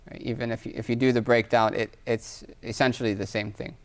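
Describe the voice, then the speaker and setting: A man's voice: mid-range voice, fairly even intonation, brisk. A man teaching Arabic grammar in a live class, explaining step by step, checking in with a constant "right?", and reading Arabic phrases aloud. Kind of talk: live online class lecture with Q&A.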